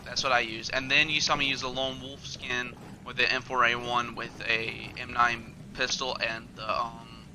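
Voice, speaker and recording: A man's voice: mid-range voice, level tone, normal speed, hardly any pauses, noisy background. A young man hosting a gaming channel, talking loosely with lots of fillers as he plays. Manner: rambling, loose and filler-heavy. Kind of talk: casual gameplay commentary.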